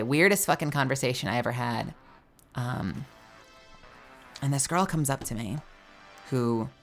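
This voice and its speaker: A woman's voice: a bass voice, a bit bright. A woman streamer telling a story in casual chat, filling her talk with "like" and the odd swear word. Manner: chatty, with frequent "like" fillers and swearing.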